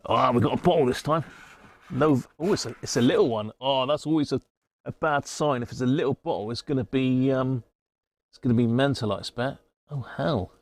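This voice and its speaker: A man's voice: medium pitch, a little fast, vocal fry. A British man hosting a casual live stream, chatty and jokey, often reading labels aloud as he goes. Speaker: radio repair live-stream host.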